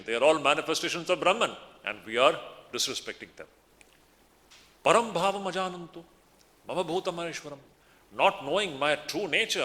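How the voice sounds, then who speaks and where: Monk, sermon, a bit high-pitched, chants verses, long echo of a lecture hall. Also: male voice, pushed and bright. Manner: emphatic, repeats phrases, chants Sanskrit verses. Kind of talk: spiritual discourse.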